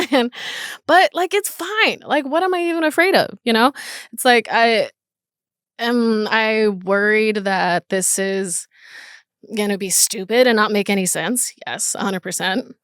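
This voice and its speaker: This is a young woman hosting a casual solo podcast. She talks openly, nervous and emotional, and swears without thinking. Her voice is smooth and clear, recorded dry and close with no room sound. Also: medium pitch, measured pace, a bit bright, no room sound. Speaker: podcast host.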